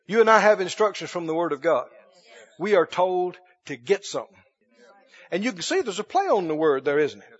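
High-voiced preacher in an echoing sanctuary. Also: male voice, animated, brisk. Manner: emphatic, with rhetorical questions to the congregation. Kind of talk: sermon. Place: church sanctuary. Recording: dull, reverberant church recording.

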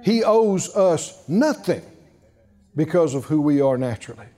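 A male preacher delivers a sermon in a high, lively voice that swoops up and down for emphasis. He takes his time, pressing points slowly and urging the congregation to answer back, breaking in with chuckling asides.

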